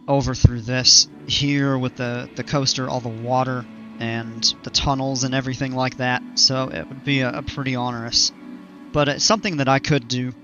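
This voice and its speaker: Bright-voiced man rambling through game commentary. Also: mid-range voice, muffled recording. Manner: thinking aloud, rambling with fillers and restarts. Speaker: gaming streamer. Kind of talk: casual gameplay commentary.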